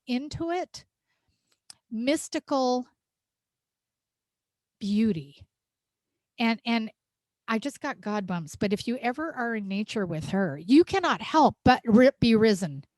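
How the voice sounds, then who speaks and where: A woman's voice: fairly high pitch, lively intonation, measured pace, long pauses, no echo. A woman minister giving a heartfelt, emphatic sermon, laughing often as she speaks. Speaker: senior minister. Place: church sanctuary.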